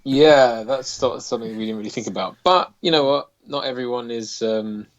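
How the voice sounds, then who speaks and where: A man's voice: mid-range voice, normal speed, muffled recording. Man co-hosting, dry laid-back banter, a bit playful. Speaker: stream co-host. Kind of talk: casual live-stream chat.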